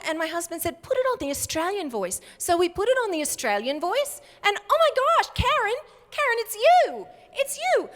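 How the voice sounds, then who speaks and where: A woman voicing an excited female friend, telling breathless news with rising excitement. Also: high-pitched, long reverb tail, voice pushed up.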